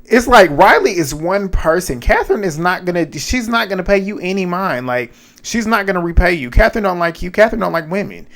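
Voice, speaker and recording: A man giving a casual, animated recap of a reality TV episode, slangy and profane, laughing often. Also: high voice, brisk, hardly any pauses.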